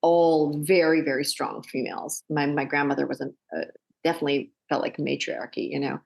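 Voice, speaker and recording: A woman guest, an actor and director, talking casually on a podcast and telling animated stories with laughter in between. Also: sits low, brisk, vocal fry.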